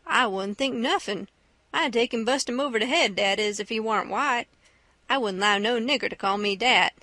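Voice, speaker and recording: Stubborn grown man, read by a woman, insistent, argumentative, high bright voice, dry close sound. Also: normal speed, dry recording. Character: stubborn adult man arguing with a boy. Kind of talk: audiobook character reading.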